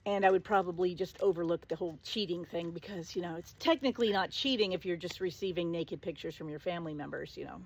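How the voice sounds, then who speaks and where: A woman's voice: fairly low pitch, quick pace, hardly any pauses. A middle-aged woman hosting her own show, telling a personal story in a casual, sassy and sarcastic way. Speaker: show host.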